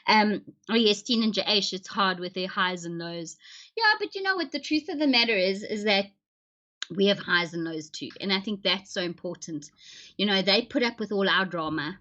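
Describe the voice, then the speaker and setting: A woman's voice: mid-range voice, lively intonation, moderate pace, pushed and bright. Chatty woman streamer. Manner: chatty, joking, laughs often, acts out family voices. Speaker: livestream host. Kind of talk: casual chat with viewers. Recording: dull lo-fi stream audio.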